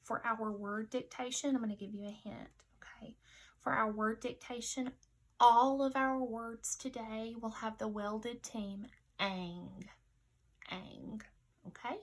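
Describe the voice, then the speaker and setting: A woman with a Southern accent, teaching a patient phonics lesson to young children, sounding words out slowly. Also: on the high side, far from the mic.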